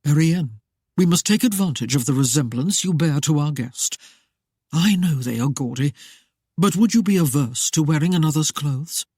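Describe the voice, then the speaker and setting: An audiobook narrator voicing a calm young nobleman who speaks softly and in measured, mocking tones. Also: medium pitch, slightly rough, dry recording, clean studio sound. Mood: commanding. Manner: soft, measured and coolly mocking. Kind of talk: audiobook character voice.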